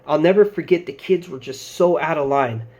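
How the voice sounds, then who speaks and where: A man's voice: on the high side, normal speed, a little mellow. A man, in his thirties, giving casual advice to camera and telling stories, acting out what bosses and coworkers said. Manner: loose storytelling, acting out quoted bosses and coworkers. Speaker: security channel host giving advice.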